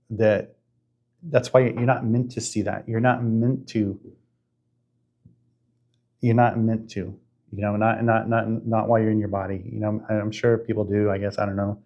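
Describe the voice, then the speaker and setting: A man in his fifties hosting a podcast, telling a spiritual story in an earnest, halting way with many restarts. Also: lowish voice, flat delivery, darkish tone. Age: 50s. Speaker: podcast host.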